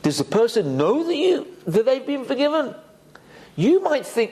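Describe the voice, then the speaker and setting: A man gives an emphatic Torah class as a sermon in a community synagogue hall, dropping Hebrew terms into his talk. His voice is very high yet dark in tone, very animated, at a normal speed.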